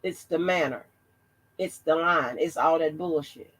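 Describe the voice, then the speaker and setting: A woman's voice: low-pitched, unhurried, fairly bright tone, breathy edge, low-quality recording. A woman hosting her own channel, talking bluntly and profanely in a rambling commentary with many restarts. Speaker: channel host. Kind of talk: casual commentary vlog.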